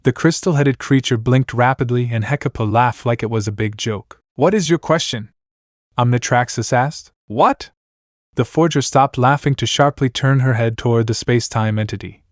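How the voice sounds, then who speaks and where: A man reading fan fiction aloud as narrator, in a steady, plain way. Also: mid-range voice, fairly quick, few pauses, no room sound, studio quality.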